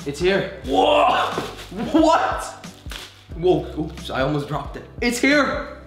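A young man vlogs with giddy, jokey excitement, his voice sitting high and swinging widely. He talks in an echoey room, and soft music plays under him. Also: slow pace, long pauses. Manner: hyper, jokey, giggly. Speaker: YouTuber. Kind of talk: excited vlog unboxing.

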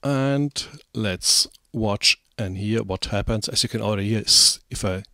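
Slow and full of ums and uhs, a man with a fairly low voice explains a music program in a screen-recorded tutorial. The close, dry recording has no echo and no sense of a room around it.

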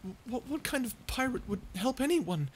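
A woman's voice: a little high, sing-song, moderate pace, a little hiss or hum. Woman voicing Calamos, stuttering prickly sea creature. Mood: scornful. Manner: stuttering, flustered tsundere bluster. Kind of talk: listener-perspective audio drama.

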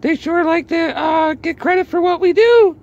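A man putting on a high, incredulous voice for a puzzled, annoyed wrestling promoter. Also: moderate pace, darkish tone, lo-fi sound. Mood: baffled. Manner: exaggerated mocking tone.

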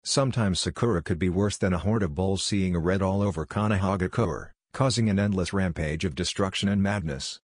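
A man with a very low, husky voice narrating a fan-fiction story. He reads evenly and without hurry, and the sound is dry and close. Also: fairly quick, few pauses, no echo. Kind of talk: reading fan fiction aloud.

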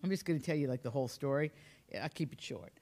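A woman author from Appalachia, telling humorous, rambling anecdotes in a relaxed conversation. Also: extremely low pitch, fast. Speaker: author guest. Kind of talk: storytelling in conversation.

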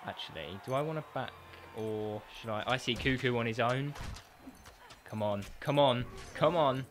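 A man giving excitable, sweary commentary on his own gameplay, trash-talking as he plays. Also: mid-range voice, normal speed, background noise. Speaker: gaming YouTuber.

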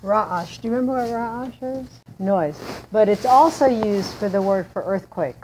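A woman's voice: medium pitch, normal speed, a little mellow, slight background noise, poor audio. A woman teaching a Hebrew Bible class, explaining word by word and asking her students questions.

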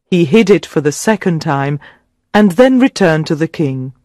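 Man reading an easy english story, fairly high voice, clear and dramatic, dry close sound. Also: expressive, moderate pace, darkish tone, dry recording. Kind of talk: graded-reader story narration for English learners.

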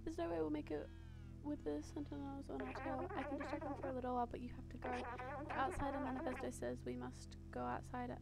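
Woman reading a robot rebel from a game, earnest, high voice, music behind. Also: animated, fast talker, gravelly. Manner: reading on-screen dialogue aloud.

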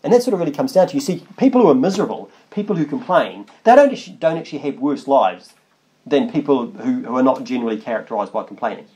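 A man's voice: medium pitch, very animated, fast talker, warm tone. A man preaching a conversational sermon that wanders and restarts, reading long scripture passages aloud. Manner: conversational, rambling, with restarts and asides.

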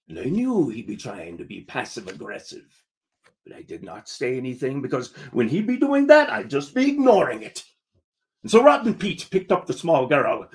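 A man reading a comic story aloud as a first-person pirate, using "be" in place of the usual verbs. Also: on the high side.

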